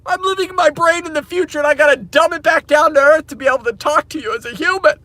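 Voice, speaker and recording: Excitable high-voiced man ranting. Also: brisk, few pauses, raised voice. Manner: excitable, slangy, laughs often. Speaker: crypto mining vlogger. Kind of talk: casual rant to camera.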